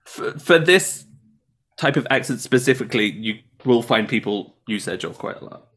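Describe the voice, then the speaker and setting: An encouraging man coaching as a podcast guest. His pitch rises and falls freely as he explains and demonstrates. He talks patiently and clearly. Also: expressive, moderate pace, fairly bright tone. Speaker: accent and dialect coach.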